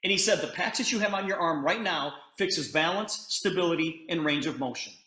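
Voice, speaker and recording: A man's voice: a little high, sharp tone. A middle-aged man telling a story to an audience, acting out a conversation and talking to listeners as "you guys". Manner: retells a conversation in quick asides, addresses listeners as "you guys". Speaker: company presenter telling a story. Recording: roomy echo.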